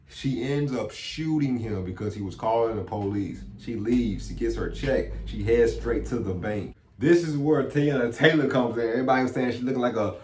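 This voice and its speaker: A man recapping a movie plot in a casual, slangy, animated way. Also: medium pitch, moderate pace, hardly any pauses, slight background noise. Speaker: movie reviewer. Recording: echoey room.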